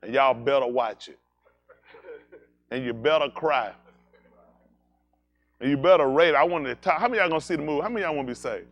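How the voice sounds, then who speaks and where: A man preaching, telling animated, jokey stories and slipping into high-pitched voices for characters. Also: fast, pauses often, highs cut off. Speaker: pastor. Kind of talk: comedic storytelling sermon.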